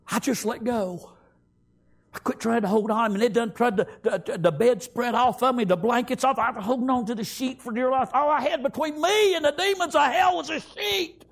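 A man giving a fervent sermon testimony, swinging from shouts to hushed tones and repeating phrases. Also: very high-pitched, creaky.

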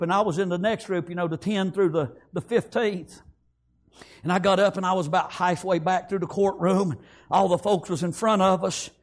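A man preaching, telling a story in a sermon, swinging from hushed whispers to loud shouted praise. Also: sits high.

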